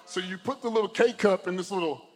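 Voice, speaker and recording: Male pastor, high voice, animated storyteller, church hall with long reverb. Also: fast. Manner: animated storytelling, addresses the congregation directly. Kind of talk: sermon.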